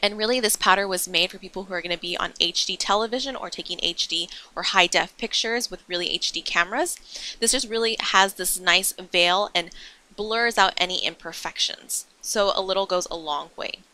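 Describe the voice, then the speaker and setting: Bright, chatty young woman vlogger. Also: mid-range voice, normal speed. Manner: chatty and enthusiastic, explaining each step. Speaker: beauty vlogger. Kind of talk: makeup tutorial voice-over.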